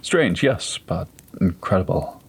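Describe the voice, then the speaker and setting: Man voicing a rattled shell-shocked veteran, earnest, eager, low, husky, storybook reading. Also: expressive, slow pace, heavily acted. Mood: shaken, eager. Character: shaken male war veteran with shell shock.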